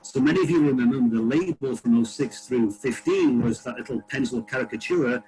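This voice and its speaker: A man's voice: medium pitch, fairly quick, music in the background, poor audio. Rambling man chatting on a video call. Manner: rambling storyteller with many fillers and restarts. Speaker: winery panelist. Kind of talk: casual video-call chat. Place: outdoors in a vineyard. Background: tractor passing.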